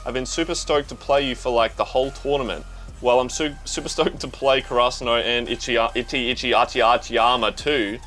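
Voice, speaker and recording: A young Australian man giving casual, slangy reaction commentary to a manga, talking excitedly to himself and the viewer. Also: medium pitch, fairly quick, faint music behind.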